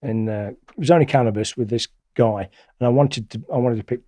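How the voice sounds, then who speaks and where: A middle-aged man, a guest telling stories in a blunt, colloquial, animated way. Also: mid-range voice, a little fast, dry recording, clean studio sound. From England. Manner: blunt, colloquial, animated retelling with acted-out quotes. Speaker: interview guest. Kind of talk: casual storytelling.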